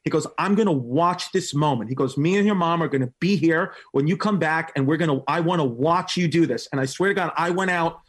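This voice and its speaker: A man, a comedian telling a story in an animated way, laughing often. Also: brisk, hardly any pauses, slightly rough. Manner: animated storyteller, laughs often and jumps up in pitch for quoted voices. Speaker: guest comedian. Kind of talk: storytelling in casual podcast chat.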